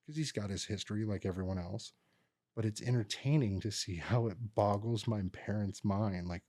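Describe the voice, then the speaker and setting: A man's voice: on the low side, moderate pace, warm tone, no room sound. A man co-hosting a podcast, chatting casually and acting out what his relatives said as he tells stories. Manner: rambling storyteller who acts out relatives' lines. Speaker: podcast co-host. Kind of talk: casual chat. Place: podcast studio.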